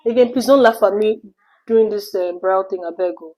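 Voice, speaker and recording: A young adult woman from Nigeria, telling an animated storytime vlog and slipping in pidgin phrases. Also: medium pitch, brisk, poor audio. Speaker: vlogger.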